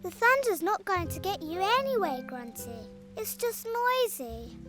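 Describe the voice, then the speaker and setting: Miffy, a gentle little cartoon bunny. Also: female voice, very high-pitched, big pitch swings, a little slow, exaggerated voice. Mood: reassuring. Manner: gentle, reassuring, sing-song. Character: kind, cheerful little girl rabbit. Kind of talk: children's cartoon voice acting. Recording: music underneath.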